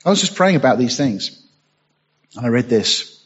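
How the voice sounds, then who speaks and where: A man's voice: medium pitch, very animated, normal speed, slightly rough, muffled recording. A man preaching a sermon, reading scripture aloud and rising to emphatic bursts.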